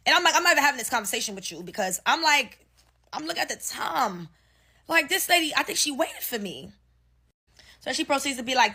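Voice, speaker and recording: A woman's voice: fairly high pitch, expressive, brisk, bright, forceful tone, breathy edge. A woman telling a workplace story to her audience, casual and blunt, swearing and acting out both sides of an argument. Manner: blunt, swears freely, slangy.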